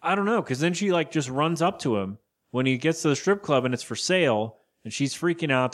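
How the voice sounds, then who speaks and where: This podcast co-host has a slightly high, animated voice. He rambles his way through a casual episode recap, acting out characters' lines in quick voices.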